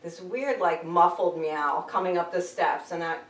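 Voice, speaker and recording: A woman guest, an animal communicator, telling stories in an animated, chatty way and laughing often. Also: lowish voice, normal speed. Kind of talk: casual storytelling interview. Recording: echoey room, distant mic.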